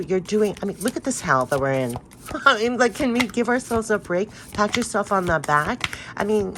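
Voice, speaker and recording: A woman's voice: mid-range voice, animated, moderate pace, fairly bright tone, slight background noise. A middle-aged woman doing a casual, rambling spiritual card reading, encouraging and full of "like". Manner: chatty, rambling, encouraging, says "like" often.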